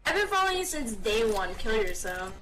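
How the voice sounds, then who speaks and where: A woman's voice: a little high, sing-song, a little fast, a bit bright. A woman streaming, bantering crudely and mockingly.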